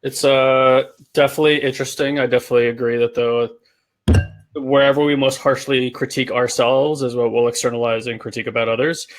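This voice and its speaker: A man who works as a coach, co-hosting a podcast and adding measured, reflective points to a casual conversation. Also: mid-range voice, steady tone, faint music behind.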